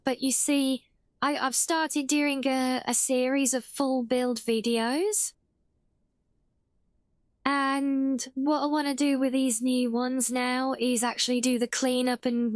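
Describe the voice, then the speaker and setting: A British woman with a high voice chats her way through a live game stream, unhurried and full of little self-corrections. Her voice sits close and dry on the mic, with no room sound around it. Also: steady tone, no room sound. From Britain (half English, half Welsh). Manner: chatty, self-correcting, reads out and answers chat. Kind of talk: casual live-stream chat while gaming.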